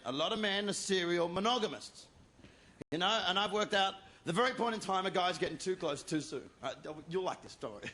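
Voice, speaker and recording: On stage at a comedy venue, a high-voiced Australian man mocks and teases the crowd in a crude stand-up set. Loud laughter fills the echoey space, and a little hiss or hum can be heard.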